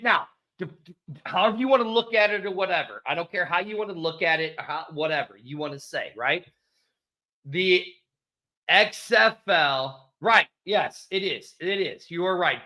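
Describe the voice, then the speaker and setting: A man's voice: high voice, sharp tone. A man co-hosting a casual sports talk show, emphatic and repeating his points for stress. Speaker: podcast co-host. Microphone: studio microphone.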